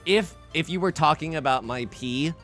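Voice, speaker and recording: A young man streaming an online mahjong game, joking and reading out chat in a casual, animated way. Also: a little high, normal speed, soft background music. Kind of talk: casual livestream commentary while playing mahjong.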